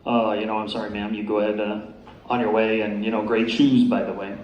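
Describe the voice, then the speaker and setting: A flustered, smitten traffic cop stammers out apologies in a slightly lowered voice, as a comedian puts him on. The sound carries around a roomy venue, with faint ambience underneath. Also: male voice, little pitch movement, fairly quick, darkish tone, dull audio, natural voice.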